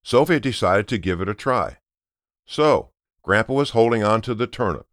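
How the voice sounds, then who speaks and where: A man narrating a children's story aloud in an expressive storytelling manner. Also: lowish voice, moderate pace, dry recording, studio quality. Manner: expressive, sing-song storytelling.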